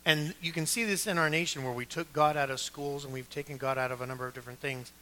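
A man's voice: fairly high pitch, steady tone, fast, pushed and bright. A man preaching a sermon as pastor of a church, building emphasis through repeated phrases and asking listeners to take notes.

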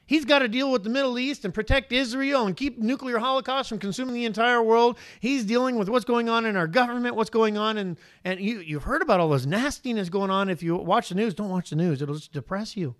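A pastor, an adult father with a notably high voice, preaches a sermon briskly and with few pauses, full of animated energy. He keeps throwing rhetorical questions at his congregation, alternating punchy emphasis with quieter asides.

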